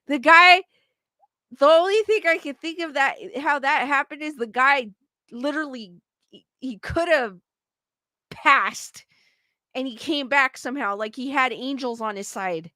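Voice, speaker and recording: Casting a bubbly woman host with a high voice, chatty and reactive, recorded in a dry close sound. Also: measured pace, long pauses, sharp tone, no echo. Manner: chatty, laughs often, restarts and reacts to comments. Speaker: host reading viewer stories. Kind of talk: casual chat.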